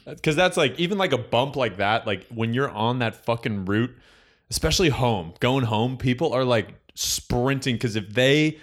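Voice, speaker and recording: A man's voice: mid-range voice, normal speed. Joking, profane young man. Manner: profane, joking, animated impressions. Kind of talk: casual podcast chat.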